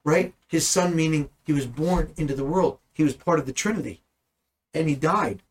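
A man with a somewhat high, husky voice teaches scripture in an easygoing, conversational way. He speaks earnestly and leans into his points with sudden emphatic bursts. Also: normal speed, rough recording. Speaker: Bible teacher.

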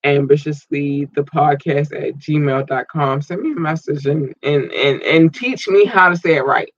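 A man hosting a podcast, warmly shouting out listeners' cities with a lilt and playful squeals. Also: measured pace, no echo, lo-fi sound. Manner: warm, effusive, playful, sometimes squeals in a high voice. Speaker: podcast host. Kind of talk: casual listener shout-outs.

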